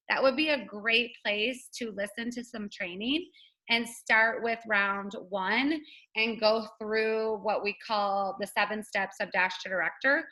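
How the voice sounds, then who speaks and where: A woman's voice: a little high, bright, forceful tone, low-quality recording. A woman hosting a casual team video call, chatty and upbeat, laughing often.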